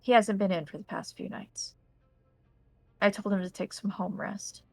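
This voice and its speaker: A woman with an American accent voicing a polite, businesslike nightclub owner who speaks in a quiet, measured, matter-of-fact way. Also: mid-range voice, fairly even intonation, creaky, faint music behind, poor audio.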